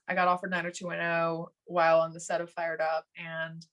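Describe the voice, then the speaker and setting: Animated woman telling stories, laughing. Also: fairly low pitch, a little fast. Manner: animated, laughs often, acts out quoted voices. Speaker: podcast guest. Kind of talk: casual interview storytelling.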